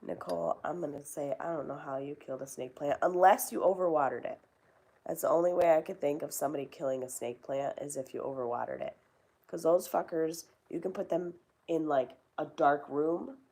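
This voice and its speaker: A woman's voice: sits low, fairly quick, warm tone. A young woman hosting a casual chat, rambling and swearing now and then. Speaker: host.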